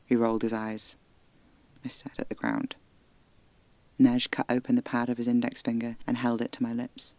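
A man narrating a first-person horror audio drama in a hushed, intimate way, often slipping into breathy whispers. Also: medium pitch, completely flat delivery, normal speed, pauses often, no echo.

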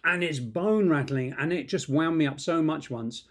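A man's voice: on the high side, normal speed. British man ranting with lots of swearing. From Britain. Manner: animated, expletive-laden ranting. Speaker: podcast co-host. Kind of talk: casual chat.

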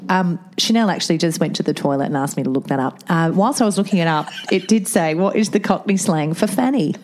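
A woman's voice: lowish voice, fast talker. A woman, co-hosting a podcast in casual chat and telling stories with lots of giggles. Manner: giggly, animated storytelling. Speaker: podcast co-host.

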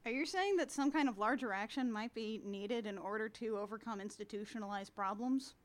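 A young adult woman co-hosting a podcast, recapping a film in dry, sarcastic casual chat. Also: a little high. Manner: dry, sarcastic, acts out characters in quick asides.

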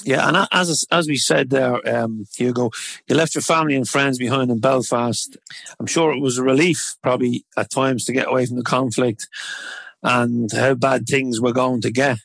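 A man's voice: mid-range voice, fairly even intonation, normal speed, gravelly, fairly bright tone, no room sound. A man interviewing a guest, asking hesitant, thoughtful questions.

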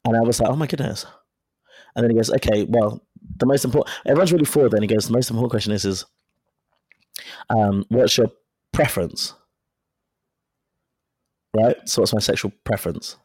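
A man's voice: lowish voice, fairly quick, pauses often, darkish tone, slightly rough, no echo. A man chatting casually, telling a story frankly and acting out the dialogue as he goes. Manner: frank and profane. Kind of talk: casual chat.

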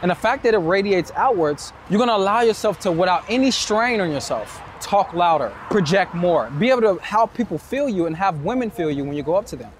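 A man hosting his dating-advice show, talking straight to camera outdoors at night in a city, energetic and direct with some swearing. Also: high-pitched, a little fast, hardly any pauses. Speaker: dating coach and show host. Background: street noise, passing vehicles, distant shouting.

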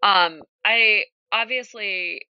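A woman's voice: medium pitch, takes it slowly, no room sound, muffled recording. A woman guest on a podcast, chatting casually, laughing often and readily agreeing. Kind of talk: casual chat.

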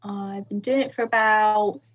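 A woman's voice: mid-range voice, steady tone, a little slow, highs cut off. A woman guest on a podcast, chatting casually with lots of fillers and frequent laughs. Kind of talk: casual chat.

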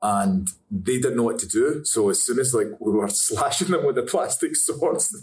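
Recorded from a distance with faint ambience and a little hiss or hum, a young man from Scotland talks about acting in an interview. His darkish, medium-pitched voice moves at normal speed with few pauses, and his rambling answers are often broken by laughter.

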